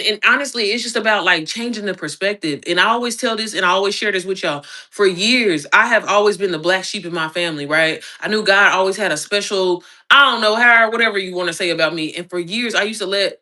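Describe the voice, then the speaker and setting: Bright-voiced, fired-up woman from Indianapolis. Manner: blunt, profane, fired-up and preachy; slides into high squeaky voices when mimicking others. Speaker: online business coach. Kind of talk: casual livestream rant.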